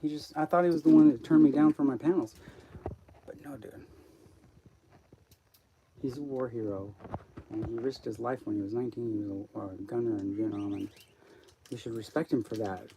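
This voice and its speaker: A man's voice: medium pitch, fairly even intonation, normal speed, pauses often, warm tone, a little hiss or hum, low-quality recording. A man talking on a live stream in a rambling, profane monologue that jumps from topic to topic.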